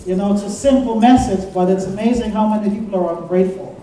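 A male pastor preaching in a church, his mellow, dark voice carrying through a strongly echoing sanctuary. He leads call-and-response lines and tells stories, heard from some distance away from the mic. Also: high-pitched, quick pace, a little hiss or hum. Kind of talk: sermon.

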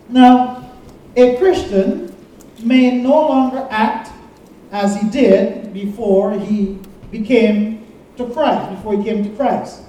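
Echoey preacher leading a church sermon. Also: male voice, high-pitched, dark tone, a little hiss or hum. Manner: call-and-response preaching, storytelling. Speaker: pastor. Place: church sanctuary. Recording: echoey church room, mic at a distance.

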